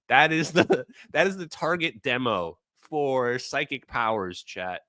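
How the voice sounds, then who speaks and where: A man's voice: mid-range voice, slow, hardly any pauses, bright, forceful tone, no room sound, studio quality. A man hosting a livestream, ranting in an exasperated, sarcastic way and talking straight to his chat. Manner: addresses the chat directly. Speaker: livestream host. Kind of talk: casual livestream rant.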